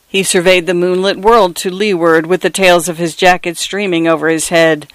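A man reading a story aloud in a measured, dramatic way. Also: high-pitched, fairly even intonation, a bit bright, clear, resonant tone, no echo, poor audio. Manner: dramatic, measured, lingering on phrases. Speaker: narrator. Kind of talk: storybook narration.

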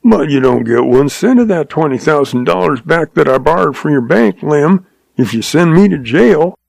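A man doing a sly old cowboy, raised high. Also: animated, moderate pace, gravelly, darkish tone, no echo. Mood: sly calm. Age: older. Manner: folksy drawl, patient and amused. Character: shrewd old male cowboy, calm and sly.

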